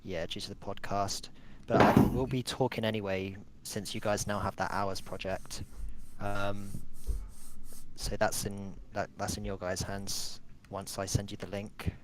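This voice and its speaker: A man hosting a relaxed clan meeting over voice chat, running through announcements with a joking manner. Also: fairly low pitch, measured pace, heavy background noise. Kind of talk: casual online group chat.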